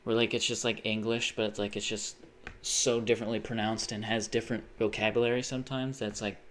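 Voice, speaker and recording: A young man chatting casually on a live stream. He rambles, swears often and bursts into sudden excited exclamations. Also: lowish voice, brisk, a little hiss or hum. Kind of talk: casual livestream chat.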